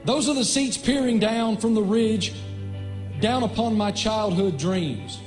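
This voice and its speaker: A man with a high voice reads a heartfelt letter aloud for a television segment, steady and measured. Soft music plays faintly underneath. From Virginia.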